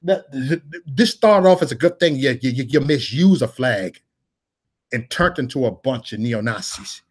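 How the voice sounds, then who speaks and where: A man of middle pitch rants like a street preacher, hammering the same phrases over and over. He drops casual slang between sermon-style declarations and swings from loud outbursts to low, muttered asides. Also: lively intonation, moderate pace, husky. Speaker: political vlogger. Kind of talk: preachy live-stream monologue.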